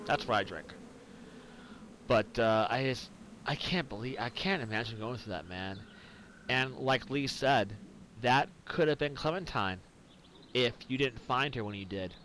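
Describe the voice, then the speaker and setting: A man's voice: medium pitch, a bit bright, slight background noise, poor audio. A tipsy man, rambling and swearing through casual game commentary after some whiskey. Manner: rambling and profane. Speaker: gaming commentator.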